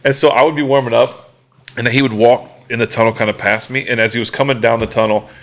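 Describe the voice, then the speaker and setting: A man in his forties hosting a casual chat at a bar, telling stories with quick laughs. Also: mid-range voice, fairly even intonation, fairly bright tone. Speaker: podcast co-host, former quarterback.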